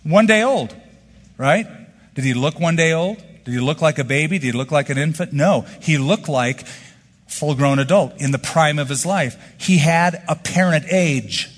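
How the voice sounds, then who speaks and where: A pastor with a fairly high voice preaches a sermon at normal speed in a reverberant hall. He is emphatic and leans on rhetorical questions.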